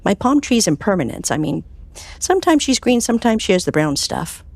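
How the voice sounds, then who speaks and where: A woman, a clinical hypnotherapist, talking as a guest in an interview, telling stories with animated swings up in pitch and soft whispers on quoted phrases. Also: brisk, creaky, dry recording. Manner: animated storytelling, voice jumping high with enthusiasm. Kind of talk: conversational interview.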